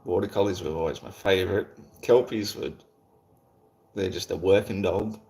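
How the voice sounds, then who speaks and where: A man's voice: low voice, normal speed, vocal fry, darkish tone. An Australian man hosting a livestream, chatting casually and greeting viewers in a rambling, laid-back way with casual swearing. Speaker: livestream host. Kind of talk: casual chat while reading viewer comments.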